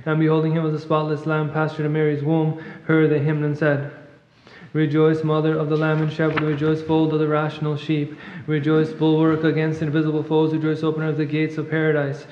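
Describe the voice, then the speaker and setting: Fast monotone man chanting. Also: a little high, a little hiss or hum. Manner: fast monotone recitation, clears throat at times. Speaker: reader at a monastery service. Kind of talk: rapid liturgical chant reading. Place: church. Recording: echoey church, long reverb, muffled.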